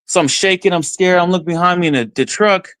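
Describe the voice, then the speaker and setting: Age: adult. Sex: man. Style: excited first-person storytelling as a podcast guest. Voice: fairly high, dry. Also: fast talker, clean tone, no room sound. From Texas. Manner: excited, retells events with quoted self-talk.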